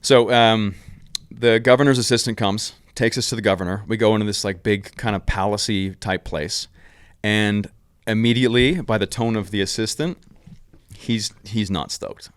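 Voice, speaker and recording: A man telling a travel story in casual chat on a podcast, animated and swearing easily. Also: fairly low pitch, normal speed, smooth, dry recording. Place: podcast studio.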